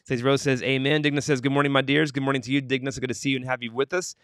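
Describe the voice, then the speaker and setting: A man's voice: mid-range voice, flat delivery, racing, background noise. Upbeat man reading viewer comments live. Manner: reads viewer comments aloud, warm upbeat greetings; earnest prayer. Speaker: livestream host. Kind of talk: morning show chat and prayer.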